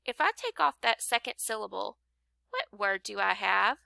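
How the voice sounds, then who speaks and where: A woman's voice: medium pitch, sing-song, vocal fry, bright, forceful tone, dry recording. A woman teaching a phonics lesson, patiently sounding out rhymes and syllables for young learners. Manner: slow, patient, clapping out syllables.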